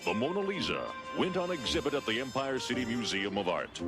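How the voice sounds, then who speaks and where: A man voicing a dramatic cartoon intro announcer, with punchy, emphatic delivery over loud theme music. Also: mid-range voice, sing-song, fairly quick, close to an everyday voice.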